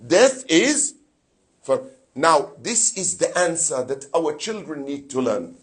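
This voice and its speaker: Fervent preacher with a husky high voice. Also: male voice, big pitch swings, takes it slowly. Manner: fervent, rhetorical questions, mixes in Arabic phrases and Quran recitation. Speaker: sheikh giving a Muharram lecture. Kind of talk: sermon.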